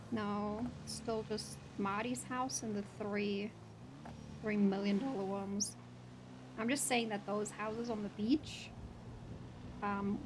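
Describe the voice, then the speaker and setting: A woman's voice: medium pitch, background noise. A young woman chatting casually in a roleplay game, full of "like" and slang. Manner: chatty, peppered with "like" and "sick". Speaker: streamer playing her roleplay character.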